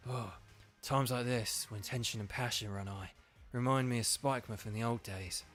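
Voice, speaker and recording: A man voicing a weary, laid-back male punk rocker from a video game in a low, unbothered London accent, reading the dialogue in character. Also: steady tone, moderate pace, fairly bright tone, soft background music, close to an everyday voice.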